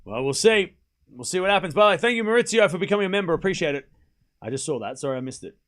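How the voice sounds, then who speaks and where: Male stream host, casual tennis watchalong, lively pitch that jumps on big points. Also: racing. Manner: chatty, jumps between calling points and thanking viewers. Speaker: livestream host.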